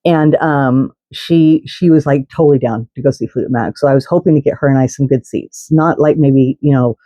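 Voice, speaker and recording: Indignant woman telling a story, mellow voice. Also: very deep voice, moderate pace, no echo, poor audio. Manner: indignant, swears, many restarts and asides. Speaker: vlogger telling a fan story. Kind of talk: casual storytelling.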